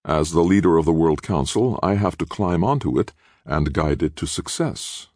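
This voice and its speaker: A man reading an audiobook, voicing an imperious older woman politician with a flat, cold, calculating manner. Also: low-pitched, moderate pace, no room sound, clean studio sound. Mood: icy. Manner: icy and flat, coolly calculating. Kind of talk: audiobook character voice.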